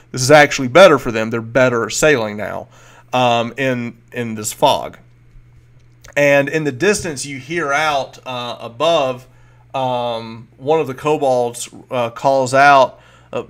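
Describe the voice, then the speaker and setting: A man narrating as game master, casual and halting with many fillers. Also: medium pitch.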